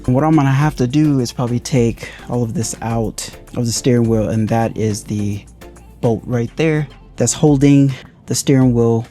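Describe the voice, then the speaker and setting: A man's voice: mid-range voice, normal speed, warm tone, faint music behind. A man casually walking viewers through a hands-on car repair, thinking aloud as he works. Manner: thinks aloud while working, loose and conversational. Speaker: car DIY reviewer.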